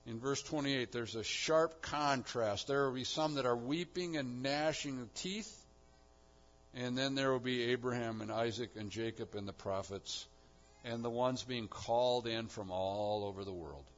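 A man delivering a sermon, dropping to quiet explanation and then rising to loud, emphatic peaks. His voice sits at an ordinary middle pitch. The recording sounds dull and lo-fi. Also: unhurried. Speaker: pastor.

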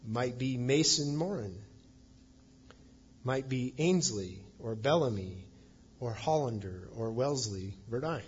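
A man's voice: mid-range voice, animated, slow pace, lo-fi sound, slight background noise. A man preaching a sermon as pastor, reading scripture aloud and stressing points with emphasis.

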